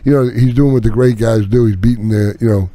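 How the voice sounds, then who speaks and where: A man hosting a casual podcast, talking in an excitable, stammering, jokey way. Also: medium pitch, a little fast, dry recording. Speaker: podcast host. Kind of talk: casual chat.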